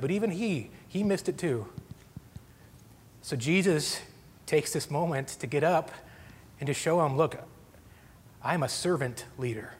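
A man's voice: a little high, husky. A man co-hosting a faith talk, explaining scripture in an earnest, casual way. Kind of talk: faith talk, Bible teaching. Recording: long reverb.

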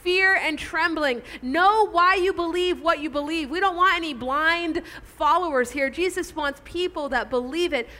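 A woman with a high, bright voice preaches to her congregation. She is earnest and emphatic and asks her listeners direct questions. The sermon is delivered in a church. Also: normal speed, hardly any pauses. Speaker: pastor.

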